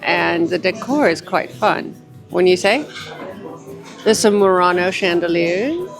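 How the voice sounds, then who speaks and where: A woman's voice: lowish voice, lively intonation, a little slow, over music. A young adult woman vlogging to the camera, chatty and effusive, narrating her day while walking through streets and shops. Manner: chatty, effusive, calls viewers darling. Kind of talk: casual vlog narration to camera.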